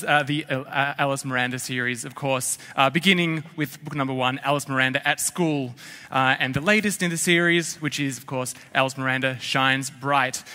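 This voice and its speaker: An enthusiastic man introduces two authors to a young audience with upbeat, announcer-like energy. His voice is fairly high and bright, and it echoes with the long reverb of a large hall. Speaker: festival session host. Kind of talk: introducing speakers to a school audience.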